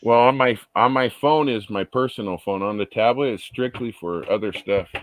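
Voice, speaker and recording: A man's voice: fairly low pitch, normal speed, slight background noise. A man helping run a live stream, chatting in an easygoing, offhand way. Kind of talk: casual chat.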